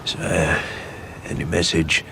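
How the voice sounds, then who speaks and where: An actor playing a stoic, wry wounded soldier in a gravelly, slow film delivery. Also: male voice, deep voice, little pitch movement, sharp tone, a little hiss or hum, exaggerated voice. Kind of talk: film dialogue.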